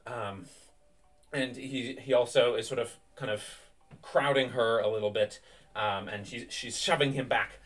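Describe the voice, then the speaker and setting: A male game master narrates a tabletop session in a mid-pitched, everyday voice, hesitating often with fillers as he sets the scene. The sound comes from slightly away from the microphone, as on a streamed game night. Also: steady tone, measured pace, fairly bright tone, recorded from a distance. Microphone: streaming setup.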